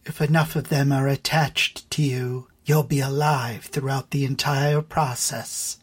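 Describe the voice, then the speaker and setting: A narrator playing a stern, heartless mother who speaks coldly and crisply in an audiobook. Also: medium pitch, fairly even intonation, measured pace. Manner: stern, icy, clipped. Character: cold, cruel mother in gray robes.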